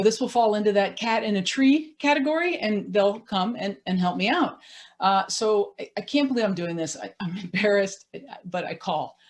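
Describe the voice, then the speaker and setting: A middle-aged woman tells a personal story with lively, self-mocking energy. Her voice sits in a middle range, and she laughs lightly as she goes. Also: medium pitch.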